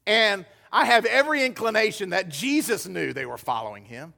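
A man's voice: high voice, expressive, moderate pace, vocal fry, sharp tone. A man preaching a sermon as pastor, emphatic and acting out the quoted dialogue. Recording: hall reverb.

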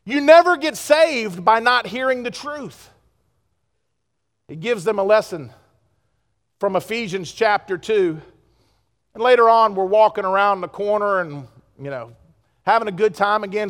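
A pastor preaching a sermon to his congregation, with pleas that swing from loud urgency to hushed earnestness. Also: high voice, measured pace, pauses often, big-room sound. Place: church sanctuary.

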